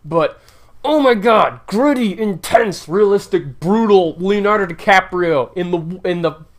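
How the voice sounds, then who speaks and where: A high-pitched man reviewing films in a loose, blunt and opinionated way. He rants freely, and his voice shoots up when something annoys or thrills him. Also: measured pace. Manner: animated, swings up and down in pitch when worked up. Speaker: movie reviewer. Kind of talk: casual opinionated movie countdown.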